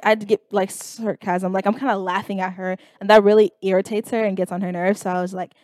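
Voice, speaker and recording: A woman's voice: mid-range voice, fast, hardly any pauses, no room sound. Young woman vlogger, exasperated storytelling, dry close sound, lots of "like". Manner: animated, exasperated, full of filler words. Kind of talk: casual storytelling vlog.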